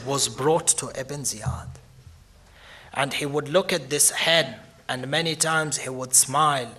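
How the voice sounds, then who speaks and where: A man's voice: fairly high pitch, bright, forceful tone. A man giving a mournful sermon, mixing Arabic religious terms into his English and swelling into lamenting cries. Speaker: shaikh giving a Muharram lecture.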